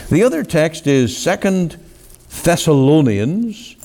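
Slow dramatic preacher guy, voice rising and falling a lot, big echoey church. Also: big pitch swings. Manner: emphatic, swings between loud rising appeals and low drawn-out endings. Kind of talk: sermon. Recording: long reverb of a large hall.

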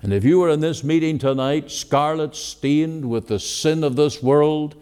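A man's voice: a little high, measured pace, darkish tone, clear, resonant tone, long reverb tail. A man preaching a sermon, quoting scripture in old-fashioned wording and swelling up and dropping down for emphasis. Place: church meeting hall.

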